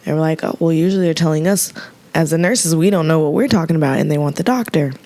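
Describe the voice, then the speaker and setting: A young nurse tells her story casually and with plenty of energy, laughing often and putting on voices for the people she quotes. Her voice sits low for a woman. The recording is dry and close, with no room sound. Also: fast talker, mellow, no echo. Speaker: nurse and podcast host.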